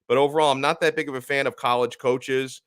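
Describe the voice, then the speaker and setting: An animated man hosts a live sports talk stream, leaning hard on his points and reading out viewer comments. His voice is bright and forward, recorded dry and close with no room sound. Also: mid-range voice, quick pace, smooth, no echo. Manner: animated, emphatic, reads chat comments.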